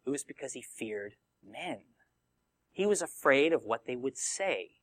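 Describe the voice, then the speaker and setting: A man's voice: medium pitch, measured pace, dry recording, clean studio sound. A man preaching a sermon, teaching in a conversational way and acting out the voices of the people he quotes. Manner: animated, conversational Bible teaching with acted quotes.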